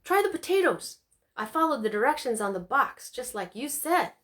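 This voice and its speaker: A woman doing an overeager teenage girl in a storybook reading. The voice jumps up high and loud, bursting with excitement. Lively pitch swings and a bright, sharp tone. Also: normal speed. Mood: eager, excited.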